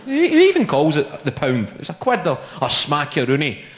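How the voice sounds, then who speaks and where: A man's voice: a little high, huge pitch swings, normal speed, heavy background noise. A young Scottish man doing live stand-up comedy in a large venue, with sweary, mocking banter. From Scotland. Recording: echoey hall with roaring crowd. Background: audience laughter and cheers.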